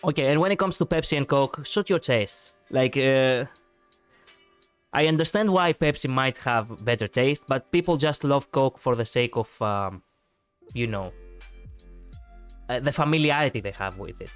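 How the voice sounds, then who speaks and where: A man's voice: medium pitch, moderate pace, clean tone, faint music behind. A man chatting casually on a live stream, rambling and reacting to viewers with many fillers.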